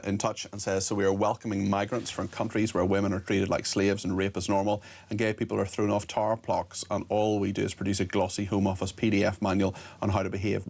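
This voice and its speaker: A man's voice: on the low side, creaky, darkish tone. A man from Northern Ireland hosting a talk radio show, reading out listener messages with chatty asides.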